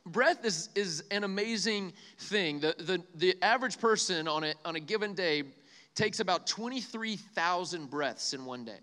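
A young man giving a retreat sermon, joking with the crowd and leading soft breathing prompts. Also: high-pitched, expressive, moderate pace. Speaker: youth speaker. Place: large hall with live audience. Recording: long hall reverb.

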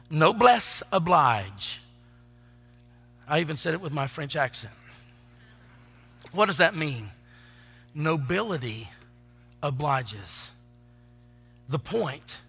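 A man preaching a sermon as pastor, swinging between loud emphatic declarations and hushed asides. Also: high-pitched, creaky, breathy edge, in a large hall. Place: church sanctuary.

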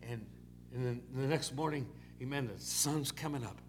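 A man's voice: medium pitch, normal speed, slight background noise. A male pastor preaching a sermon in a folksy, repetitive storytelling way, dropping in "amen"s.

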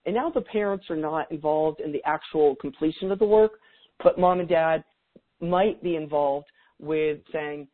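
A man's voice: on the high side, moderate pace, narrow, tinny audio. A middle-aged man talking as a guest expert in a podcast interview, chatty, with frequent restarts and easy laughs.

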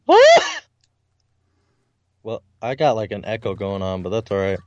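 Twenties male co-host, animated, laid-back, lo-fi dry mic. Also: on the low side, a little slow, no echo. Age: 20s. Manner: laid-back, laughs easily. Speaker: podcast co-host. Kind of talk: casual beer-drinking podcast banter.

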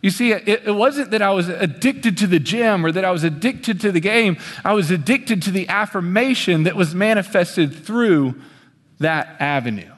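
A young man on a stage preaching a sermon in an animated way, swinging his pitch as he acts out the voices he quotes. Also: moderate pace. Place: on a stage in a large hall. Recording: long hall reverb.

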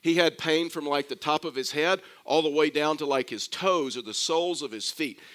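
A man preaching to his congregation in a bright, forceful voice pitched a little high. He tells a story, then presses one point home by repeating it, restarting phrases as he goes. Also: moderate pace. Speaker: pastor. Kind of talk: sermon.

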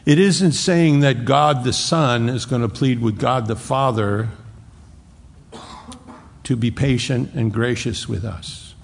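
A man preaching a sermon as pastor, earnest and emphatic, stressing words slowly and repeating himself as he drives a point home. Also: medium pitch, creaky, long reverb tail, a little hiss or hum.

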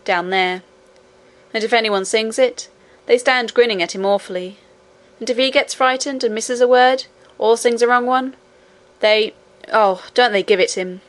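A woman's voice: medium pitch, natural voice. A woman voicing a brave, cheerful twelve-year-old miner boy who speaks confidently and matter-of-factly in an audiobook. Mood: earnest. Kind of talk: audiobook character reading.

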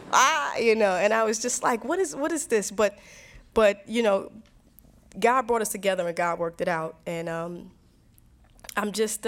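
Earnest woman musician telling stories. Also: medium pitch. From New Jersey, USA. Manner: earnest, with frequent restarts and laughs. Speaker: interviewee, singer and songwriter. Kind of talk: reflective conversational storytelling.

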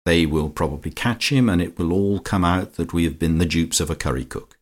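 A man's voice: sits low, brisk. Lucia, a man doing a commanding society queen. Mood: persuasive. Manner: persuasive, imperious.

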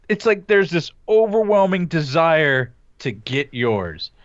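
A woman's voice: deep voice, sing-song, slow, dry recording, highs cut off. A woman co-hosting a podcast, chatting casually in a wry, blunt way and swearing freely. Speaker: podcast co-host. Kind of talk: casual banter.

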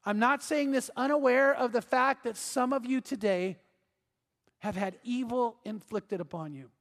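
Male pastor, high voice, emphatic sermon, echoing church hall. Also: moderate pace. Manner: earnest, emphatic preaching with repeated phrases.

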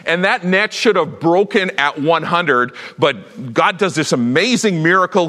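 Male pastor preaching, bright forceful voice, animated storytelling, long hall reverb. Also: a little high, moderate pace. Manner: animated storytelling, acts out Bible characters. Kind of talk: sermon.

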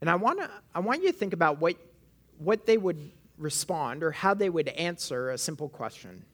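A woman's voice: lowish voice, very animated, normal speed, breathy edge. A woman from Canada, preaching a sermon in church on a microphone, talking conversationally and often checking in with "right?". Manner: conversational, frequent "right?" asides to the congregation. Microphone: amplified microphone.

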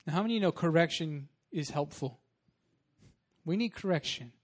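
A man, a young adult pastor, preaching a sermon in a casual, animated storytelling way. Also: a little high, fairly quick.

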